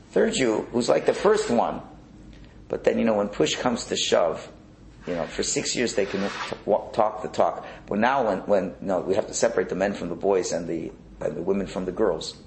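Man, religious teacher, low gravelly voice, animated storytelling, echoey room, faint noise. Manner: animated storytelling, acting out characters. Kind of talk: Torah lecture.

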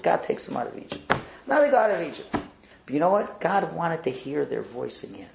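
A man's voice: on the high side, normal speed, vocal fry, slight background noise. A man teaching a Torah class as a rabbi, telling stories animatedly and acting out the voices. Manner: animated storyteller, acts out voices. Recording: roomy echo.

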